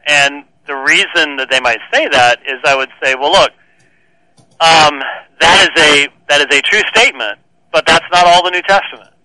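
Bright-voiced earnest theologian man. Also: a little high, moderate pace, dry recording, rough recording. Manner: earnest, repeats words when starting. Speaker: guest theologian. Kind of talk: radio interview answers.

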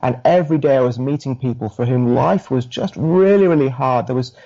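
A middle-aged man speaks with a British accent worn soft by long years in Australia. He is a minister answering questions in an interview, halting and thoughtful, full of ums and restarts. His voice sits at a middle pitch, and the audio is dull and lo-fi. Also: vocal fry. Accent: British, softened by years in Australia. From United Kingdom. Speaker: Anglican minister, guest.

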